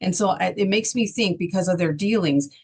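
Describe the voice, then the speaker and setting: A woman's voice: on the low side, brisk, breathy edge. A woman from Texas co-hosting a casual political talk show, speaking emphatically with many rhetorical questions. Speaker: co-host.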